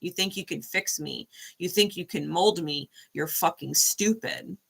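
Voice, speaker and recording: A woman's voice: on the low side, a little slow, vocal fry, a bit bright, a little hiss or hum. A woman voicing a stubborn, wounded bear that refuses to change, talking back in a defiant, profane way.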